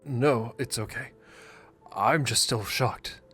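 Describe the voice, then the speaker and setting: A man voicing a shocked, apologetic groom in a text-message drama, speaking softly. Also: medium pitch, slow pace, faint music behind. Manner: soft, apologetic.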